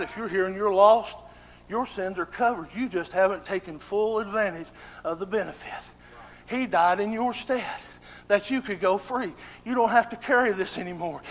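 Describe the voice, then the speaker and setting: A man preaching with a very high voice that climbs into fervent shouting, his words dropping in folksy rural grammar. The sound rings out with a long church-hall reverb. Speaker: pastor. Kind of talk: sermon.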